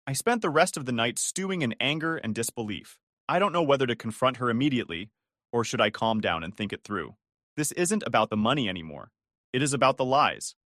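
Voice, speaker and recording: A man's voice: mid-range voice, fairly quick, dry recording, studio quality. A man narrating a first-person family drama story, acting out the voices. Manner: expressive, acts out dialogue.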